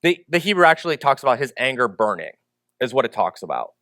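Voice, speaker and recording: A man preaching a sermon as pastor, animated, acting out quoted dialogue and swinging between loud emphasis and quiet reflection. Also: medium pitch, fast, no echo, clean studio sound.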